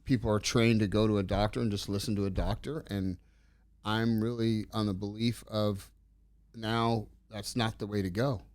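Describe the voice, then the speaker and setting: A middle-aged man telling stories in a casual interview, rambling and animated as he acts out the dialogue. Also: fairly low pitch, moderate pace, dry recording. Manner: rambling, animated storyteller acting out quoted dialogue. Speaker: interview guest.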